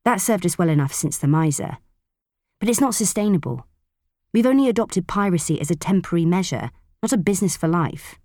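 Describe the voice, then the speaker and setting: Firm young pirate woman, read by a woman narrator, patient, low dry voice. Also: animated, brisk, a little mellow, no room sound, close to an everyday voice.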